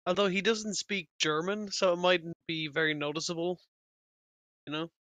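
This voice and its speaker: Man, bright tense voice, dry close sound, casual commentary. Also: high-pitched, fairly even intonation, moderate pace, dry recording. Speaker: podcast co-host. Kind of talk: casual film commentary chat.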